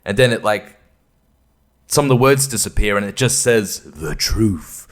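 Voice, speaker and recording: A man's voice: mid-range voice, moderate pace. Profane ranting male podcaster. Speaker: podcast host. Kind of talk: casual ranting monologue.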